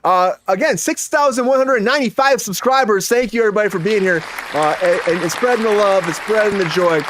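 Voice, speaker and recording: A man hosting a live comedy entertainment news show, hyping his co-host with playful teasing and shouted countdowns. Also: sits high, fairly quick, crowd noise, noisy background.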